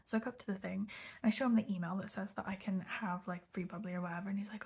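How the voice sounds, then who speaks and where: Speaking very fast in a steady, mid-range voice that is slightly mellow, breathy and gravelly, a young woman chats through a casual storytime vlog. She often drops to a half-whisper and leans heavily on "like."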